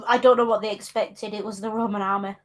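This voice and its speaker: A woman's voice: medium pitch, steady tone, fast talker. A woman co-hosting a casual chat, frankly commenting on history with wry, emphatic asides. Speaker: co-host.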